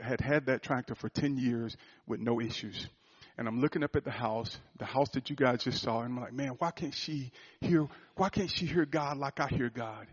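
A man preaching a sermon, telling a personal story, swinging from loud, rising fervor to a hushed, quiet confession. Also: medium pitch, muffled recording. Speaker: pastor.

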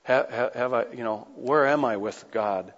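A man's voice: mid-range voice, moderate pace. A man preaching a sermon with passion, pressing his listeners with rhetorical questions. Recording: echoey hall, dull lo-fi sound.

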